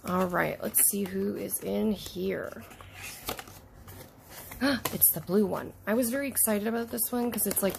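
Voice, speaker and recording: Woman, toy unboxer: excitable, gushing, slips into whispers, gravelly fry, mid pitch. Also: a little hiss or hum. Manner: gushing, excitable, talks to the toys, drops into soft whispers. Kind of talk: casual unboxing chat.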